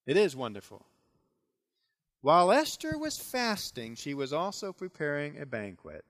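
A man preaching a sermon, retelling a biblical story with dramatic, animated delivery. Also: a little high, moderate pace. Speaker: pastor.

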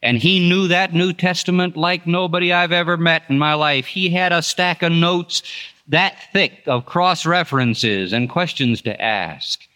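A man's voice: a little high, measured pace, pushed and bright. Earnest older man preaching a story sermon. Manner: earnest, folksy, rises and drops sharply for emphasis.

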